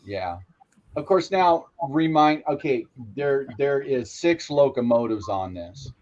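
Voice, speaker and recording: A man's voice: medium pitch, expressive, slow, a little mellow, dull audio. A man hosting a casual live stream, explaining things step by step with frequent restarts. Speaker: host. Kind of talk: casual chat. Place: home train room.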